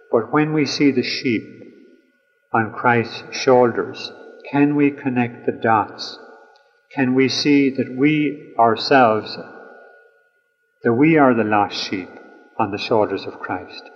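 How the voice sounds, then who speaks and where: A man preaching a sermon in a measured, earnest way, slowing down to stress key phrases. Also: medium pitch. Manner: measured, earnest delivery with slow emphatic phrases. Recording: muffled sound with long hall reverb.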